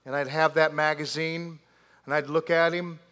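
A man preaching a sermon, telling a story animatedly with drawn-out pauses and asides to the congregation. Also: fairly high pitch, level tone, sharp tone. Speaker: pastor. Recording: long hall reverb.

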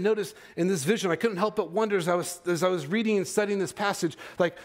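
A man preaching a sermon in a casual, animated way, with frequent filler words and asides to the congregation. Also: sits high.

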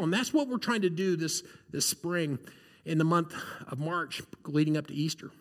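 Earnest conversational male pastor, high voice, long reverb. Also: expressive, fairly quick, a bit bright. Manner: earnest and conversational, often asks "right?". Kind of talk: sermon.

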